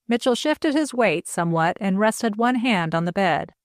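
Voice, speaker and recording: A woman narrating a novel as an audiobook reader in an even, clear storytelling manner. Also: mid-range voice, normal speed, few pauses, no echo, studio quality. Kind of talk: scripted narration.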